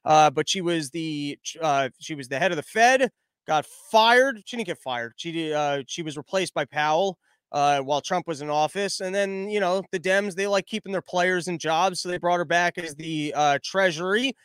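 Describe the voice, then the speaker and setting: A man giving casual, sarcastic political commentary, mocking and quick. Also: on the high side, a bit bright, smooth, dry recording. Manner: sarcastic, mocking, fast-talking.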